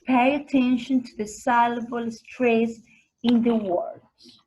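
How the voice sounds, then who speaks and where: A woman teaching vocabulary, saying each word twice, slowly and with careful enunciation. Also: fairly high pitch, fairly even intonation, darkish tone, muffled recording. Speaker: English teacher. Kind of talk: slow vocabulary lesson with repetition drills.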